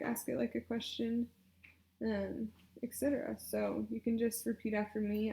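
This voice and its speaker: A woman leading speech exercises, coaching patiently with encouragement and loud spoken demonstrations. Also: on the high side, vocal fry. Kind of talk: guided exercise instruction. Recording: echoey room.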